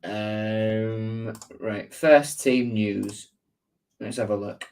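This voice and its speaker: Speaking very slowly in a lowish, slightly mellow voice with a steady tone, a football fan channel host runs a casual live-stream match preview. He chats along and reads out viewer comments while responding to them.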